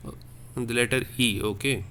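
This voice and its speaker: A man teaching a French lesson, speaking slowly and repeating words, checking in with "okay?". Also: medium pitch, fairly even intonation, bright, forceful tone, a little hiss or hum. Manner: slow, repetitive, checks with "okay?". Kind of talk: classroom lesson.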